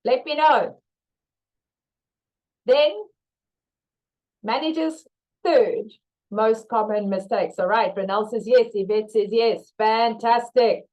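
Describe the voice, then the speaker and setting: A woman's voice: a little high, slow pace, pauses often, rough recording. A woman teaching a live online leadership masterclass, reading out viewers' chat replies and acting out short workplace role-plays. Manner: lively, acts out staff replies in role-play. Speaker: leadership trainer.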